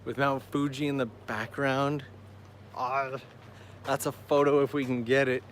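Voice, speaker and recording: A man's voice: medium pitch, flat delivery, measured pace, slight background noise. A man hosting a travel live stream outdoors, chatting enthusiastically with viewers while walking and reading their messages aloud. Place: outdoors on a seaside island path.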